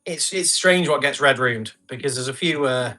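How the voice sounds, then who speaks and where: A man's voice: mid-range voice, normal speed, sharp tone, faint music behind. A man, chatting casually as he runs a live tool auction, reading out bids and comments and laughing often. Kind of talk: casual live-stream selling chat.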